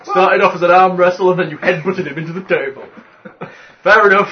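A man with a fairly high voice runs a tabletop game as game master. He jokes, teases the players and laughs often. The recording sounds muffled, with a soft hiss underneath. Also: brisk. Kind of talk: casual tabletop game chat.

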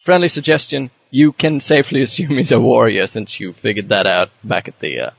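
A man's voice: medium pitch, fairly quick, gravelly, dry recording. A man playing in a tabletop game, joking and playful. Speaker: player. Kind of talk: tabletop role-play chat. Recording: dry, muffled lo-fi audio.

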